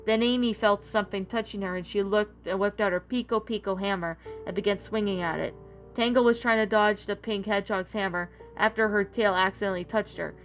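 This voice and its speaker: A woman narrating a story in a plain, steady reading voice with small slips. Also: medium pitch, fairly quick. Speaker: story reader. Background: background music.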